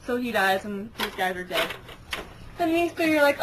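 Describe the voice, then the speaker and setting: A woman's voice: mid-range voice, sing-song, a little fast. A woman casually narrating a made-up story with toy ducks, rambling with giggly asides. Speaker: storyteller with toys. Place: home. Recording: home video with noisy hiss.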